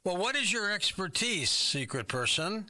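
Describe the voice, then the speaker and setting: A man hosting a comic guessing show, his voice very bright and slightly high. He fires off curious, probing questions and reacts with puzzled surprise. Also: very animated, normal speed. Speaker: game show host.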